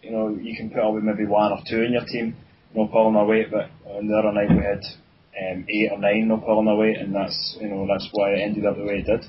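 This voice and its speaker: A man's voice: lowish voice, completely flat delivery, brisk, dull audio, a little hiss or hum. A Scottish man chatting casually about football on a podcast, rambling with lots of fillers. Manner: rambling, many fillers, says aye often. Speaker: podcast co-host.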